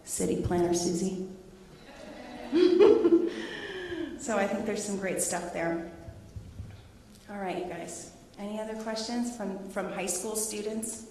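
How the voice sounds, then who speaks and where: A middle-aged woman, a teacher, presenting her research to students and taking questions in a lively, laughing way. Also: mid-range voice, moderate pace, slight background noise. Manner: animated, laughing storyteller. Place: large echoey hall. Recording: echoey hall, voice from a distance.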